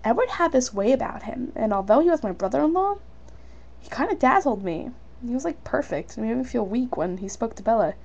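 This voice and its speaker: A woman's voice: a little high, animated, fairly quick, creaky, darkish tone, dull audio. A young woman reading her own story aloud in a casual, unpolished way, with fillers and small slips. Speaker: fan fiction reader.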